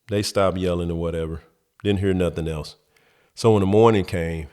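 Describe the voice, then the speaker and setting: A man hosting a show, telling a childhood story in an animated, profane, colloquial way. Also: low voice. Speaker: host. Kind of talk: comedic storytelling.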